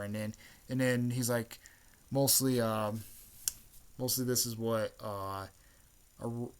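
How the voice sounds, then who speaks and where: Male channel host, mid-pitched, casual recap, stumbling speech, lots of fillers and throat clearing. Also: fairly even intonation. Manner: halting, filler-heavy, repeats words, clears throat often. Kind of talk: casual rambling story recap.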